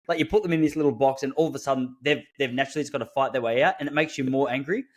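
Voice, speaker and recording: A man hosts a podcast, animatedly telling stories in casual chat, acting out what people said with quoted voices and laughs. His mid-range voice races along.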